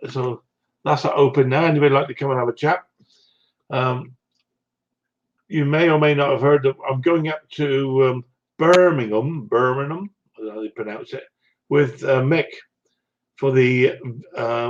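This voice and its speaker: A man with a West Country accent chatting casually on a live stream, rambling and answering viewers' comments. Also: mid-range voice. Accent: West Country English. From South West England. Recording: dull lo-fi stream audio.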